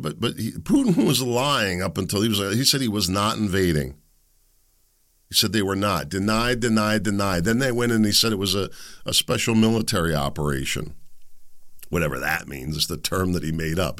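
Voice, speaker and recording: A show host with a lowish, gravelly, pushed and bright voice gives opinionated solo commentary, rambling conversationally, often restarting and tripping over words while asking his listeners direct questions. The clean studio sound has no echo.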